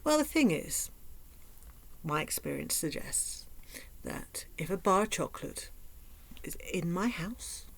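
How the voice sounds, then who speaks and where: A woman's voice: lowish voice, very animated, a little slow, gravelly, long pauses, breathy edge. A woman talking in a sarcastic vlog commentary, with dry asides and dips into mock whispers. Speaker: vlogger.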